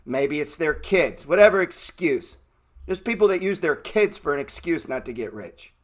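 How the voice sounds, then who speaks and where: A man's voice: on the high side, animated, moderate pace. Brash, profane man ranting. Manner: profane, brash and mocking, mimics excuse-makers. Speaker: stock trading channel host. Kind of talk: blunt motivational rant.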